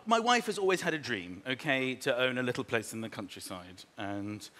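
A man doing a stand-up comedy routine on a theatre stage, acting out scenes with sudden shouts and silly animal noises. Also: mid-range voice, very animated, fairly quick. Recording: live theatre recording with audience noise. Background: audience laughter.

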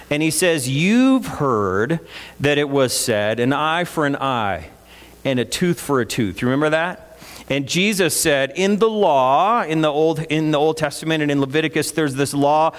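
A man's voice: a little high, fairly bright tone. A middle-aged male pastor giving a conversational, story-filled sermon in a church. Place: church sanctuary. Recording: long reverb of a church hall.

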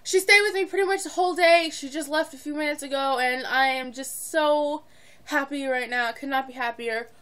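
Bubbly teenage girl, high bright voice. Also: a little fast. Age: teens. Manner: bubbly, rambling, giggly. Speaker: vlogger. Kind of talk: casual chat to camera. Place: at home, indoors.

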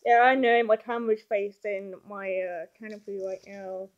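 A woman's voice: mid-range voice, steady tone, moderate pace, muffled recording. A teenage girl rambling through a doll review in her bedroom, hyper and giggly, filming one-handed on a handheld camera. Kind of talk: casual rambling vlog.

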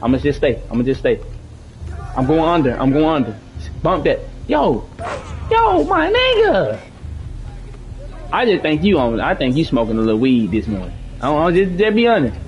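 A man's voice: medium pitch, big pitch swings, brisk, darkish tone, dull audio, soft background music. A young man streaming a basketball video game, coaching and scolding his teammates in casual, slangy, profane talk. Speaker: gaming streamer. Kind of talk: live gameplay chat with teammates.

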